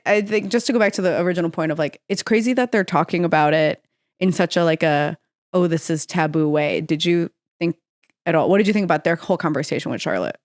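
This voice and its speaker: A woman's voice: on the low side, no echo, studio quality. Frank, laughing woman podcast co-host. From United States. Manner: laughs often, frank and playful. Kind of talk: casual comedic chat.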